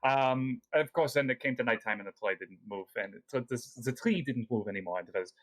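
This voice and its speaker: A man voicing a polite, fussy male scholar who rambles eagerly with many halting restarts. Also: medium pitch, a bit bright, natural voice, poor audio.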